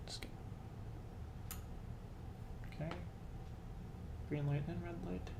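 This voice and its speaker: A man's voice: a little high, flat delivery, slow pace, creaky, heavy background noise. Nervous young man hosting a live stream. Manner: nervous, swearing, laughing often. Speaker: live show host. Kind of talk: casual live-stream chat.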